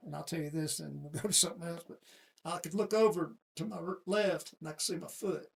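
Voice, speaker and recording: A man's voice: fairly high pitch, fairly even intonation, quick pace, vocal fry, slightly rough. A middle-aged man telling a personal story in a casual, folksy interview. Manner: folksy, plain-spoken storyteller. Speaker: guest.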